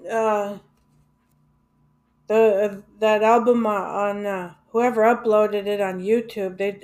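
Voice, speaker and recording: Woman, unhurried rambling music vlogger, filler-heavy and blunt. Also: mid-range voice, darkish tone. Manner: rambling, hesitant, many fillers and restarts; blunt, swears casually. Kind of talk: casual rambling monologue.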